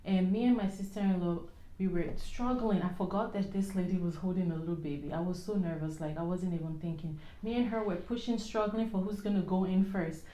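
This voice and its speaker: A woman with a slightly low voice chats to her viewers as she puts on her makeup. She tells a personal story in an animated, rambling way, full of "um"s and restarts. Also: brisk, reverberant. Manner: animated retelling with many fillers and restarts. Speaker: vlogger. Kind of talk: storytime chat while doing makeup.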